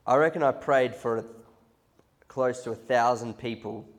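A man preaching a sermon, telling stories with animated restarts and repetitions. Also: mid-range voice, moderate pace. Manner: storytelling, animated, restarts and repeats. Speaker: pastor.

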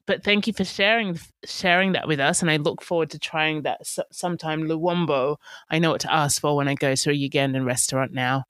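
Low-voiced Australian woman hosting. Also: steady tone, a little fast, hardly any pauses, fairly bright tone, no echo, studio quality. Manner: friendly, hesitant with many ums. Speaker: podcast host. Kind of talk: casual interview chat.

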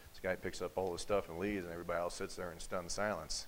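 A man preaching a sermon in church, telling a story with acted quotes and building to forceful emphasis. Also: sits low, little pitch movement, fast talker, low-quality recording. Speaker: pastor. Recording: faint hiss.

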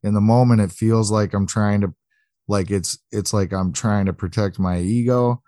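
A man's voice: fairly low pitch, fairly even intonation, normal speed, dark tone, dry recording, studio quality. A man co-hosting a podcast, talking earnestly and reflectively about his own recovery. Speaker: podcast co-host. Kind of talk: conversational interview.

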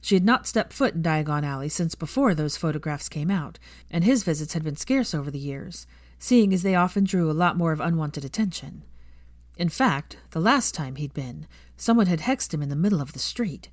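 Woman, audiobook narrator, steady, measured, low voice, dry close sound. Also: no echo. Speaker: fan fiction narrator.

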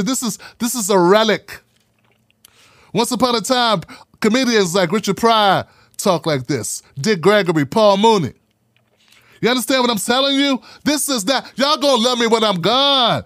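A man hosting a live podcast, talking in an animated, preachy way and repeating phrases for emphasis. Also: high voice, no echo, clean studio sound. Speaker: podcast host. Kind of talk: live-streamed podcast talk.

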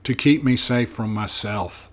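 A man voicing an ancient, scarred, chained male monster in an audiobook, speaking in a hoarse near-whisper, slow and solemn. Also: medium pitch, natural voice. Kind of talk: audiobook character voice.

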